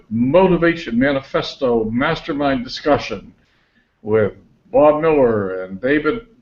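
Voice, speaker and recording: A man's voice: on the high side, muffled recording. A man hosting an online discussion group on a video call, chatty and thinking aloud as he sorts out the tech.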